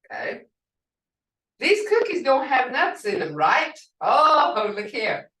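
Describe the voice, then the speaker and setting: Older woman teacher, slow and patient, distant from the mic in a roomy space. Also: sits high, very animated, pushed and bright. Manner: patient, explains word by word with examples. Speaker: language teacher. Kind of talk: classroom language lesson.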